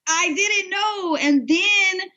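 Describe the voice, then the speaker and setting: Her voice is very high-pitched and sharp, drawing out her words, and the recording loses its highs. This podcast co-host giggles bashfully and laughs her way through a story during casual conversation.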